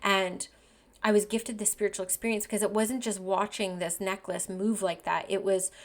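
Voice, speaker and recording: A woman's voice: mid-range voice, level tone, moderate pace. Earnest, chatty woman podcast host. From Canada. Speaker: podcast host and medium teacher. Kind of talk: casual storytelling podcast.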